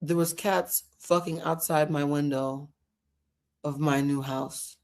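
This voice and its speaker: A woman's voice: deep voice, fairly even intonation, slow, a little mellow. A woman hosting a casual livestream, chatty and laughing often, with a Black way of talking and easy swearing. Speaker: host.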